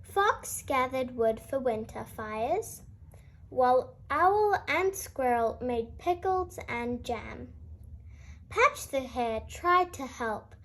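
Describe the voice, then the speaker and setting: A woman narrating a children's bedtime story with a gentle, expressive delivery. Her high voice rises and falls a great deal, and she reads slowly and calmly. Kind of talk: bedtime story read-aloud.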